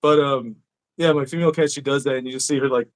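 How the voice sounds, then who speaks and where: A man's voice: mid-range voice, fairly even intonation, fast talker. A man hosting a podcast, telling stories in a casual, profane way. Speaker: podcast host. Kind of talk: casual chat.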